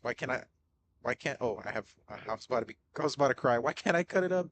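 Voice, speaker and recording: A young man giving excitable live gameplay commentary, swearing often, calling everyone bro and dude, and panicking in repeated shouts. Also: medium pitch, fast talker, slight background noise. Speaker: gaming streamer.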